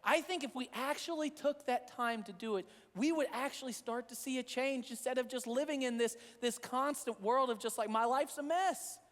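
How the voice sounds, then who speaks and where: A man's voice: extremely high pitch, normal speed, few pauses, a bit bright, big-room sound. A man preaching a sermon as a pastor, earnest and repetitive in a conversational way. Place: church sanctuary.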